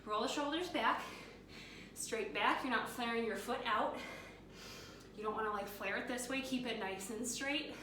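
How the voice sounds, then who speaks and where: A woman's voice: on the high side, moderate pace, pushed and bright, a little hiss or hum. A woman fitness instructor leading a workout, out of breath, counting down and cueing moves with energy. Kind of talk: workout coaching. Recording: echoey room, mic at a distance.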